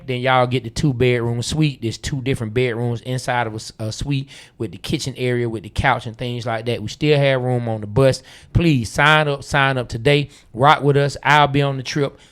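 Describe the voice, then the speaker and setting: Laid-back host hyping listeners. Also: male voice, mid-range voice, moderate pace. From Atlanta, USA. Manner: loose, teasing, hype, reads listener comments aloud. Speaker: podcast co-host. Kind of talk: casual podcast chat.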